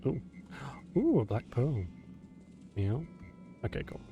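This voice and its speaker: Slow-talking man streaming a game. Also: mid-range voice, wildly swooping pitch, lo-fi sound, faint music behind. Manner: chatty, laughs often, says meow repeatedly. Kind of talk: casual live gameplay chat.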